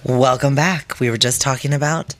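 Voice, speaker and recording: A woman's voice: very deep voice, steady tone, moderate pace, music in the background. A woman hosting a casual chat show, playful and teasing, laughing often. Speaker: podcast host.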